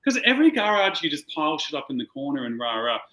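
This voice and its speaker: A man's voice: on the high side, sing-song, quick pace, sharp tone, poor audio. An Australian man chatting as a guest on a video call, telling a rambling story with plenty of swearing. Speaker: client guest. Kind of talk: casual chat.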